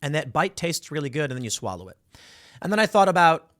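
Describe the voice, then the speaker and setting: A man hosting a solo political commentary, animated and sarcastic, acting out little voices to make his points. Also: a little high, fast talker.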